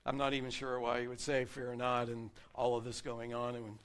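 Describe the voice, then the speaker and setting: A man preaching a sermon, earnestly reading and explaining scripture, varying his loudness for emphasis. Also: mid-range voice, little pitch movement, a little fast, smooth.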